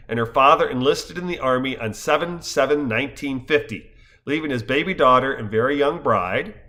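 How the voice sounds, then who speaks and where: A man's voice: medium pitch, sharp tone. A man in his fifties, a stage actor, giving a wry, scripted narration full of wordplay. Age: 50s. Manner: wry, wordplay-laden storytelling.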